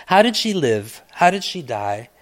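A man reading his own personal essay aloud, measured and reflective, with long winding sentences full of asides. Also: a little high, very animated. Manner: swells loud on key phrases, then drops to near-hushed tones. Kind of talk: literary reading.

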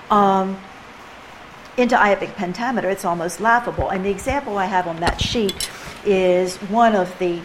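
A woman with a lowish voice teaches a poetry workshop to a room of people, chatty and animated. She plays with rhythm out loud as she explains. A faint hiss of room noise sits under her voice. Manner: chatty, animated, playful, mimics rhythms aloud. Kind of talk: informal teaching to a group. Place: room with a live group.

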